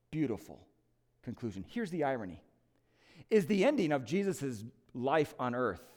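A male lead pastor preaching an Easter sermon in church. He is emphatic and swings from loud declarations to hushed appeals. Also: medium pitch.

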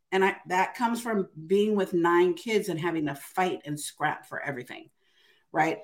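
An older woman, an author appearing as an interview guest, tells her story casually and emphatically, constantly ending sentences with "right?". Her voice is lowish and her pace normal.

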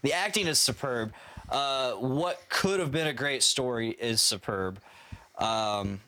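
Bright, lively man telling a story. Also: medium pitch, takes it slowly. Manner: rambling, swearing, laughing storyteller. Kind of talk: casual storytelling chat.

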